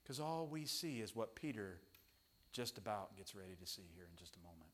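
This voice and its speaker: A man, a pastor and father, preaching a sermon mixed with family stories, swinging from loud emphasis to hushed tones. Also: fairly low pitch, very animated, brisk. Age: young children at home, father.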